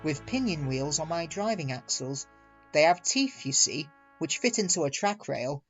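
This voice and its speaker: A man's voice: on the high side, expressive, moderate pace. A man voicing Culdee, a modest male mountain engine who talks in a friendly way. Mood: cheerful. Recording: muffled recording with soft music.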